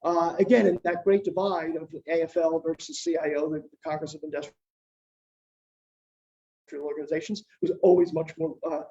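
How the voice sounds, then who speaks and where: Mellow older man, lively storyteller. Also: on the high side, moderate pace. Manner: lively storyteller, many fillers and restarts. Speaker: guest lecturer, historian and journalist. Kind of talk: informal history lecture. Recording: distant, muffled lo-fi sound.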